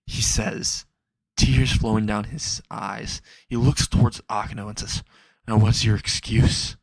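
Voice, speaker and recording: Gravelly low-voiced man narrating a story. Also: takes it slowly, long pauses, no room sound, rough recording. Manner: unscripted, with restarts and acted quotes. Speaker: fan fiction narrator. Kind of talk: reading a fan story aloud.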